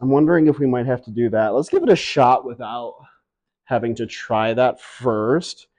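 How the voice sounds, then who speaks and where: This upstate New York plant hobbyist talks at a normal speed with a medium-pitched, slightly mellow voice. Indoors in his high-ceilinged home, he rambles playfully through a casual vlog chat, often poking fun at himself for his viewers.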